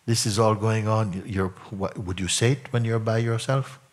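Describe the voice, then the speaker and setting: A man as a spiritual teacher in a satsang, probing a questioner by repeating questions back in slow, reflective phrases. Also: fairly low pitch, fairly even intonation. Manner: slow, reflective phrasing with frequent "you know" and "no?". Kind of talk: satsang talk answering a questioner.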